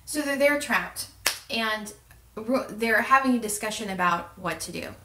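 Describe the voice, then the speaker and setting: A woman with a fairly high, expressive voice and a sharp edge talks a little slowly as she reviews a fantasy novel. Her casual book commentary mixes in read-aloud passages, and she chats along with fillers and restarts. The recording sounds roomy and echoey, with the mic placed at a distance.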